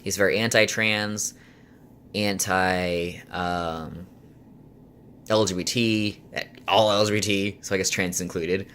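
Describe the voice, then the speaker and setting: A man's voice: sits low, steady tone, slow pace, a bit bright, a little hiss or hum. A young adult man chatting casually to camera, rambling and venting with lots of fillers and exasperated laughs. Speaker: vlogger. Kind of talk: casual chat.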